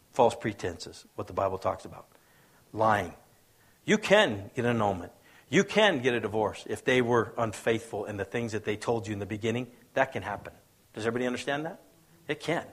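A man preaches a sermon as pastor, telling stories, acting out the voices he quotes, and asking the crowd if they follow along. His delivery swings from hushed, low asides to loud, raised bursts.

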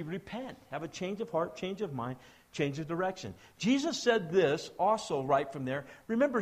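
A man preaching a sermon to young people and adults, talking to them directly and asking them to answer back. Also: mid-range voice. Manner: swings between soft and loud, rising to emphatic exhortations.

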